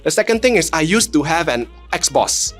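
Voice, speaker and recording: Malaysian man, animated storyteller, slightly high voice. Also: a little fast, faint music behind. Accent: Malaysian English. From Penang, Malaysia. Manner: animated storytelling with frequent "lah" tags and self-deprecating jokes. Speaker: content creator, panel guest. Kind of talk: casual panel talk.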